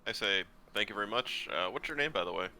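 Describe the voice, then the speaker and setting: A man playing a tabletop game jokes around with the group in a fairly low voice. Clear music plays behind him. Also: lively intonation, fast, sharp tone. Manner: joking, playful. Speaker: player. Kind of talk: casual tabletop role-play.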